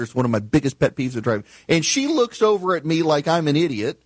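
Male talk host, animated pitch, exasperated rant, dry close sound. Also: fairly quick, hardly any pauses, dry recording. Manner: exasperated, laughing, storytelling. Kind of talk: ranting monologue.

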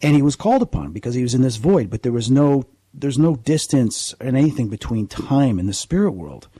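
A man's voice: medium pitch, very animated, a little fast, warm tone, slightly rough, dry recording. A man who investigates the paranormal, a guest on a radio interview, explaining at length in an earnest, rambling way with frequent restarts.

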